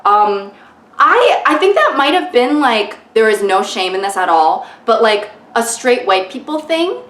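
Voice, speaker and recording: A woman's voice: fairly high pitch, very animated, unhurried, a bit bright. Young woman vlogger, casual self-mocking chatter, echoey phone recording. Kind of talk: casual vlog chat to camera. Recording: echoey room.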